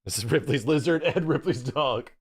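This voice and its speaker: Excitable male streamer, dry close sound. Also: mid-range voice, moderate pace, husky, no room sound. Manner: excitable, talks to his chat, laughs easily. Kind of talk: casual live-stream chat.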